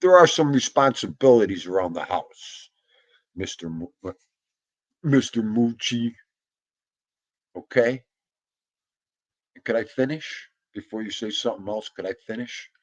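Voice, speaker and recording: A man's voice: on the low side, lively intonation, measured pace, pauses often. Rambling man on a lo-fi home stream. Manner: rambling, talks to his dog and to viewers in the comments. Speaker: host of a dog live stream. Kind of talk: casual live-stream chat. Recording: dull lo-fi home stream audio.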